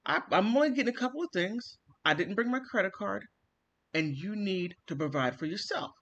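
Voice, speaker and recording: A man vlogging, telling a family story in an animated, theatrical way and acting out the quotes. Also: sits high, brisk. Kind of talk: casual storytelling monologue.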